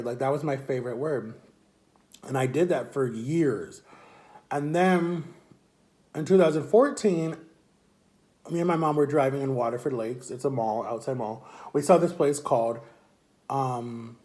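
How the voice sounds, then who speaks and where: A young man telling a long personal story to his camera in a rambling, repetitive, animated way. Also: mid-range voice, moderate pace. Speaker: vlogger.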